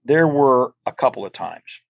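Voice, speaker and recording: A man's voice: mid-range voice, big pitch swings, normal speed, vocal fry, no echo, highs cut off. An older man, a podcast guest, telling stories in a rambling, casual way full of restarts and asides. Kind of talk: casual storytelling interview.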